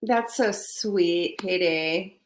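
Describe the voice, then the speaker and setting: A woman's voice: fairly low pitch, extremely slow, slight background noise. A woman casually chatting on a live stream from her home, reading viewer comments and gossiping while eating breakfast. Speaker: livestream host. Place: home under construction. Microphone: phone.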